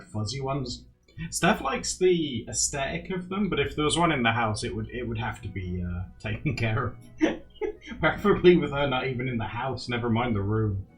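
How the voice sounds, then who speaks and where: A man streaming live, chatting casually and excitably with his viewers and laughing often. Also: mid-range voice. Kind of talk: casual live-stream chat while drawing.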